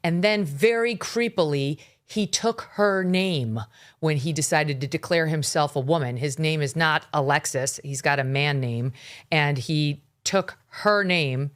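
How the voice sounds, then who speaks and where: A woman hosting a talk show who steps in with measured, factual asides. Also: low voice. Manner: measured, adds clarifying facts. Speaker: host.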